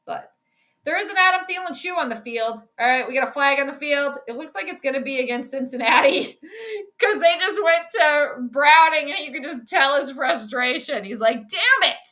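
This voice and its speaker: A woman's voice: sits high, animated, normal speed. A young woman giving casual live commentary on a football game, chatting with her viewers and reacting to each play. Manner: chatty, reacts loudly to plays, talks to viewers. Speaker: astrology sports streamer.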